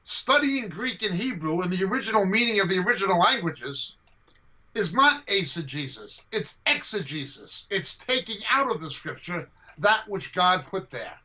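Guy teaching bible stuff over a video call, high sharp voice, really forceful, keeps repeating himself, muffled audio. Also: very animated, moderate pace. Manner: forceful, combative, repeats key points. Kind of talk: emphatic teaching answer to a question.

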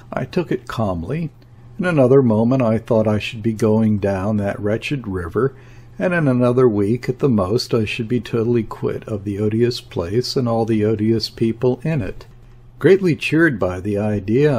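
Guy reading an old novel aloud, low husky voice, slow and careful. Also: a little mellow. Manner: measured, deliberate literary reading. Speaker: audiobook narrator. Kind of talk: scripted narration.

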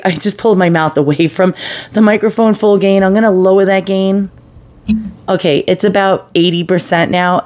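In a dry recording, a medium-pitched voice belongs to a product reviewer at home near household appliances. Chatty and blunt, swearing casually, they run a casual test demo of a desktop USB condenser mic, changing their distance from it as they go.

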